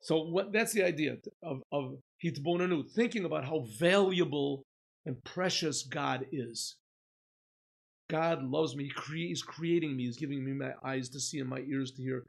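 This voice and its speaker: Male rabbi, lecture, animated storytelling, slightly high voice, gravelly. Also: moderate pace, low-quality recording. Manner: animated storyteller, acting out dialogues. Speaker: rabbi teaching Chassidus. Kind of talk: lecture with acted-out parable.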